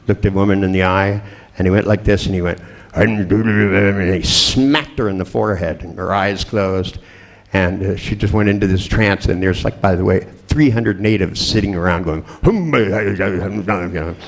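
At a seminar, a hypnotist tells anecdotes in a lecture full of stories, his low voice carrying a gravelly, fry-laden edge. His humor is wry and boastful, and he chuckles often.

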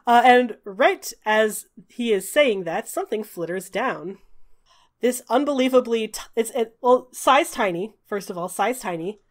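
A woman running a tabletop game, narrating scenes in a descriptive, unhurried way with frequent hesitations. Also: fairly high pitch, expressive. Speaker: game master.

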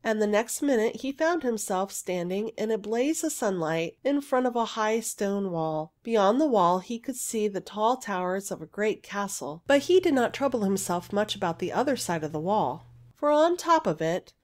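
A woman narrating a fairy story aloud in an expressive, gentle storytelling manner. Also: medium pitch, moderate pace.

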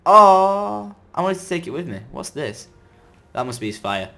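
A man giving chatty, excitable commentary as he plays a game, breaking into sudden loud outbursts. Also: sits high, normal speed, vocal fry. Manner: chatty running self-talk while playing. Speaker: gaming video creator. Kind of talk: let's-play gameplay commentary.

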